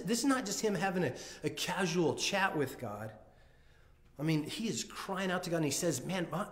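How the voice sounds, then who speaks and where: Pastor guy giving a sermon, conversational, keeps restarting and acting out quotes, echoey room. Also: on the high side. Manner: earnest, conversational, with frequent restarts and acted-out quotes.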